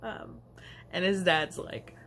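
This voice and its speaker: A young woman telling a rambling storytime anecdote for her vlog, chatty and quick to laugh. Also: on the low side, a bit bright, a little hiss or hum. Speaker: vlogger. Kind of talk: casual storytime.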